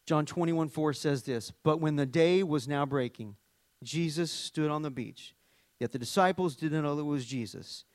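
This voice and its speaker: A man preaches a sermon in a high, bright-pitched voice. He sinks to hushed, tender lows, then climbs to loud, emphatic peaks and asks the congregation questions. The sound is dry and close, with little room echo. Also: moderate pace. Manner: talks to the congregation, asking questions. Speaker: pastor.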